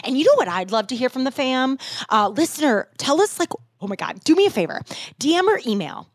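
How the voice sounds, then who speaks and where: Bubbly, animated woman podcast host. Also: sits high, a little fast, dry recording, clean studio sound. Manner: bubbly, animated, swears freely. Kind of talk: casual chat.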